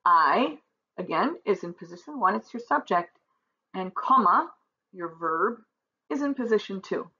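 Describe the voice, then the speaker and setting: A woman walks through a textbook grammar lesson, reading German examples and translating them slowly. Her voice is bright, with a middle pitch for a woman. The recording sounds a little dull and lo-fi. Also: expressive, husky. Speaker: German teacher.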